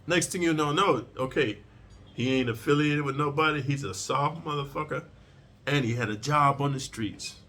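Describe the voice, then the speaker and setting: A man's voice: fairly high pitch, normal speed, pushed and bright. A man telling a prison story in a casual, profane, streetwise way, lecturing his listeners.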